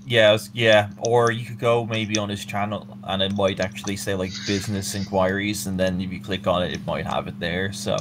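Low male co-commentator, rambling, casual, hum on the line. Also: brisk, hardly any pauses. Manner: rambling, full of fillers and swearing. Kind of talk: casual chat on a race stream. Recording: steady hum under the voice chat.

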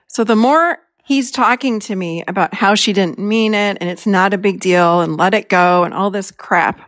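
A middle-aged woman, a podcast host and therapist, shares a personal story as a lesson, animatedly acting out her own past lines. Her voice is medium-pitched and a bit bright, captured in a dry, studio-quality recording.

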